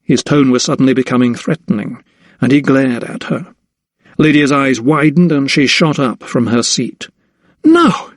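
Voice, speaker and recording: A man reading an audiobook as narrator, in measured storytelling. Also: mid-range voice, steady tone, no room sound, clean studio sound. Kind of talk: scripted narration.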